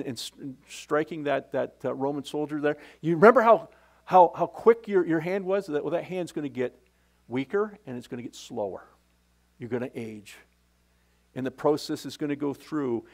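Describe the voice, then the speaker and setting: A man preaching a sermon with passion, often restarting phrases and swinging from loud to hushed. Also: on the high side. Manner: impassioned, repetitive, with restarts and sudden swings in loudness. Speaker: pastor.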